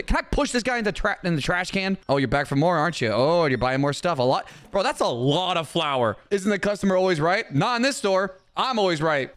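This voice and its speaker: A young man riffing over a game with a fairly high voice that leaps between shrill yells and low grumbles. He trash-talks the customers in mock fury, all for laughs. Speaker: gaming YouTuber. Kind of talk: comedic gameplay commentary.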